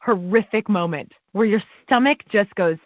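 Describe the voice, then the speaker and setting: A woman guest on an interview show, telling stories about her work as a live awards announcer, with lively quoted dialogue and frequent laughs. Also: medium pitch, normal speed, dry recording. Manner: animated, acts out quotes, laughs often. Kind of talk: casual interview storytelling. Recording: dull dry podcast audio.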